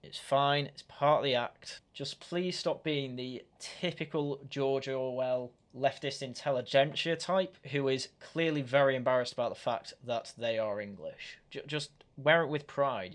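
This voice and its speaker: A man's voice: mid-range voice, normal speed, few pauses, a bit bright. A man hosting a reaction commentary, speaking in a critical, argumentative way with frequent restarts. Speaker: commentary channel host.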